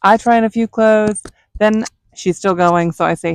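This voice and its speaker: A woman vlogger and mother telling a story in a chatty, animated way. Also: mid-range voice, moderate pace, clean tone. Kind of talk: casual storytelling.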